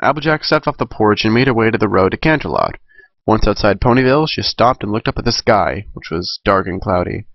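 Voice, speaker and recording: A man's voice: fairly low pitch, animated, a little fast, no echo, dull audio. A man reading a fan story aloud in a casual way, correcting himself and adding chatty asides. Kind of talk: amateur fan fiction reading.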